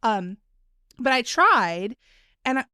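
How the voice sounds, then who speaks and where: A woman's voice: on the high side, very animated, slow pace, bright, forceful tone, clear, resonant tone, no echo, clean studio sound. A woman co-hosting a podcast in casual chat, telling stories with lots of "like" fillers. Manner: chatty, many "like" fillers, storytelling. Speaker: podcast co-host.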